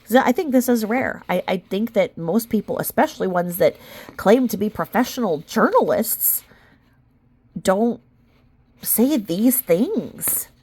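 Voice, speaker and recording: A young woman reading a legal filing aloud, then breaking off into incredulous, animated reactions. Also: mid-range voice, normal speed, breathy edge. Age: young adult. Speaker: commentary vlogger.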